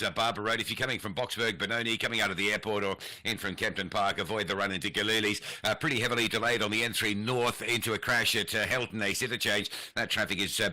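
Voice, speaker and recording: Bright-toned traffic reporter. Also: male voice, lowish voice. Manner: brisk, with frequent uh fillers.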